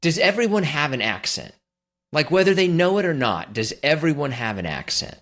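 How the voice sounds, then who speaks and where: A man's voice: on the high side, very animated, moderate pace, fairly bright tone. A man hosting a podcast, asking curious, slightly hesitant questions full of "like" and "kind of". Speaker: podcast host. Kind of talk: casual interview questions.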